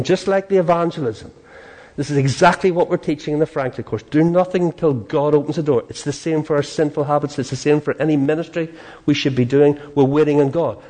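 Earnest animated male preacher. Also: fairly high pitch. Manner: earnest, animated, acts out prayers and quotes. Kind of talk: sermon.

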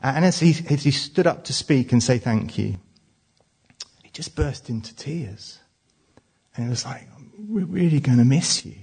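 A man's voice: mid-range voice, animated, unhurried, gravelly, long pauses, darkish tone, husky. A man in his forties from England preaching a sermon, telling personal stories in a conversational way with frequent restarts and fillers.

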